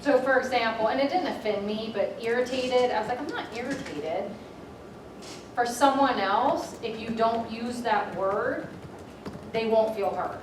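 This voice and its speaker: A woman's voice: a little high, normal speed. Woman, middle-aged, workshop facilitator, chatty, echoey room, distant mic. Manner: chatty, self-deprecating anecdotes. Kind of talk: classroom instruction. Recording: echoey room from far off, noisy.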